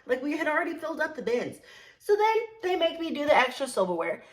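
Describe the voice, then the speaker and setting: A young woman telling a casual storytime vlog about her serving job, animated, blunt and full of swearing and emphatic repetition. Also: high voice, fast talker. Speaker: storyteller recounting her work as a server.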